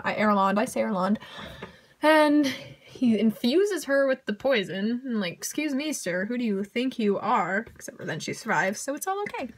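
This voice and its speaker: Bubbly high-voiced young woman gushing. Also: bright, forceful tone. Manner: bubbly, gushing, quick asides and giggles. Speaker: book reviewer. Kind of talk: casual book review vlog.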